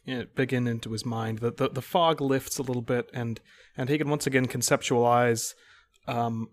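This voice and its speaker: A man playing a tabletop role-playing game, describing his character's actions in a rambling way with lots of fillers and restarts. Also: mid-range voice. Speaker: player.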